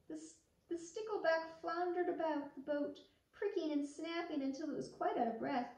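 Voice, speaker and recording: A woman reading a children's picture book aloud in an expressive, lively way. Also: high voice, normal speed. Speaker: children's storyteller. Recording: roomy, distant, dull lo-fi sound.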